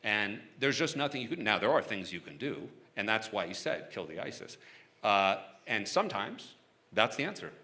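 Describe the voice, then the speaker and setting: A man's voice: fairly low pitch, big pitch swings, moderate pace, sharp tone. A man being interviewed onstage about his work negotiating for hostages, talking casually and frankly, chuckling often and restarting his sentences.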